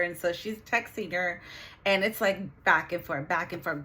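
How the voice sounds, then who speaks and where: A middle-aged woman vlogging, telling a painful family story in an earnest, halting way with many restarts. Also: lowish voice, fairly even intonation, a bit bright. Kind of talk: emotional personal storytelling.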